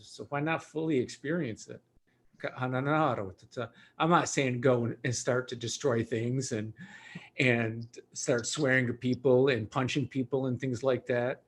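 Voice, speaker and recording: A man hosting a spiritual livestream as a Reiki teacher, talking in a gentle, reflective and conversational way. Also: mid-range voice, fairly even intonation, slow pace.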